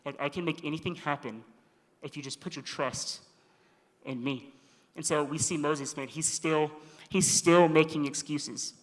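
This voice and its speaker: A man preaching a casual sermon, slangy and animated, acting out the characters' lines himself. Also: fairly high pitch, a little slow. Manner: slangy, animated, acts out quoted voices. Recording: long hall reverb.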